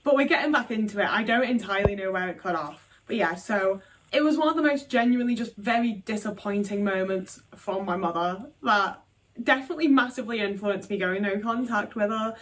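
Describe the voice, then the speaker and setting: A woman's voice: mid-range voice, expressive, a little fast, slight background noise. A woman in her twenties telling a personal story to camera in a candid, sweary, rambling way full of fillers. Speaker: vlogger.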